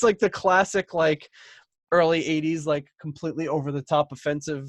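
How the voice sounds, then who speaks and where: A man's voice: a little high, moderate pace, no echo. A man in his thirties hosting a podcast, chatting casually and rambling about an album, laughing easily. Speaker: podcast host. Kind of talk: casual album review chat.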